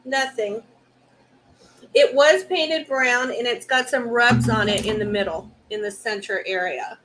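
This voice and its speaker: A woman's voice: fairly high pitch, a little slow, fairly bright tone, slight background noise, rough recording. A woman on a live selling stream, answering buyers' questions plainly and briefly. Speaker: reseller showing an item. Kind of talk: casual live-stream chat.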